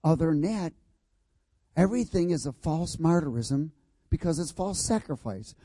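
A man's voice: on the high side, expressive, moderate pace, dark tone, breathy edge, dry recording. A man preaching a sermon in an emphatic, repetitive cadence, prompting the congregation to repeat his words and asking if everyone has got it. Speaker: pastor.

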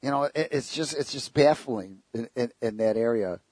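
A man's voice: mid-range voice, normal speed, darkish tone, slightly rough, no echo. A man preaching a sermon, telling stories with jokes and asking the congregation rhetorical questions.

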